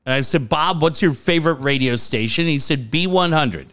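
Animated storytelling man in his late 40s. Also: a little high, moderate pace. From San Diego area, California. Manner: animated storytelling, swears freely, acts out quoted voices. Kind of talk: casual chat.

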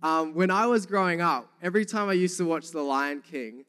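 A man's voice: a little high, normal speed, clean tone, in a large hall. A young man with a New Zealand accent, preaching a sermon and telling funny stories to the congregation. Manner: lively storytelling, jokes with the congregation. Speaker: youth pastor.

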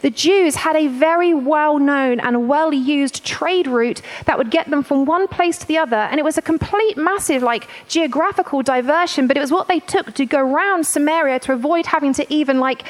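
High-voiced, emotional woman preaching. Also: moderate pace, hardly any pauses. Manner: emotional, emphatic, conversational. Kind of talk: sermon.

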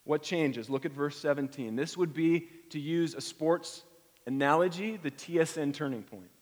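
This middle-aged pastor has a fairly high-pitched voice and speaks at normal speed, giving a conversational sermon. He acts out the feelings he quotes, and a long hall reverb hangs on his words.

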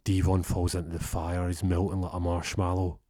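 A young man telling a comic story with lively energy, acting out the voices and sound effects. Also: sits low, moderate pace, no room sound, clean studio sound.

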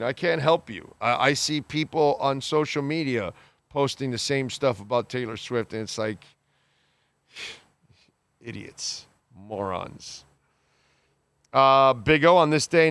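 A man's voice: medium pitch, a bit bright, clean tone, no room sound. A man hosting a podcast, reading listener comments and reacting in blunt, exasperated casual chat, swearing freely and restarting his sentences. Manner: halting restarts, many fillers.

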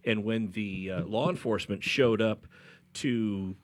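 A man's voice: lowish voice, measured pace, no room sound. A man on a radio show, recounting a story in a loose, rambling way and adding wry remarks. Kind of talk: casual talk radio chat.

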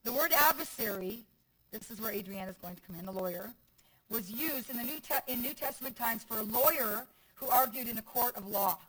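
A woman's voice: fairly high pitch, brisk, fairly bright tone, low-quality recording. Emphatic woman preaching a sermon. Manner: emphatic, repetitive call-and-response preaching. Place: church.

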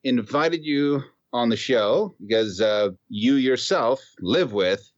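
A man hosting a podcast in casual chat, talking haltingly with many restarts. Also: medium pitch, expressive, muffled recording. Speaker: podcast host.

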